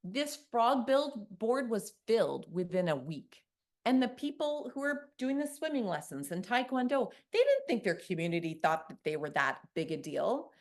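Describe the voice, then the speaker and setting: A woman from Canada gives a keynote talk at a conference. Her voice sits slightly high and swings widely in pitch as she tells stories. She keeps asking her listeners questions as she goes. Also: normal speed. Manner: lively storytelling, asks the audience questions. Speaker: keynote speaker.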